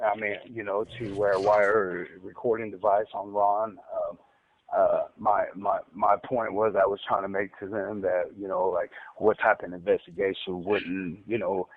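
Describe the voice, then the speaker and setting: A man's voice: on the low side, steady tone, unhurried. A man with a stutter telling his story on a recorded phone call, rambling and repeating himself. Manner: rambling, repeats words, heated when recounting. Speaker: inmate telling his account. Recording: tinny prison phone line.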